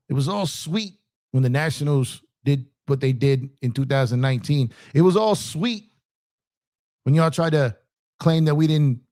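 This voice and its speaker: Man, sports show host, fired-up fan rant, emphatic and repetitive, slightly high voice. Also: darkish tone. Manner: emphatic, repetitive, taunting rival fans; reads out viewer super chats.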